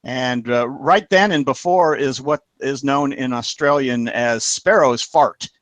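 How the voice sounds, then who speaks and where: A man from Ohio hosting an interview, relaxed and halting with fillers. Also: medium pitch, no room sound. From Ohio, United States. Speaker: show host.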